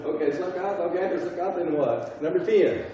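A man's voice: a little high, expressive, dark tone, a little hiss or hum. Southern man teaching a Bible class, roomy and distant. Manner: halting, repeats words, asks the class questions. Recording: echoey room from far off, dull sound.

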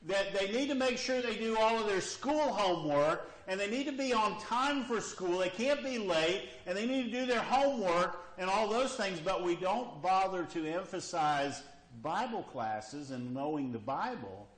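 Animated male preacher in an echoey room. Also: high-pitched, normal speed, hardly any pauses. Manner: questioning, repeats "okay?" and "you see?". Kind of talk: sermon.

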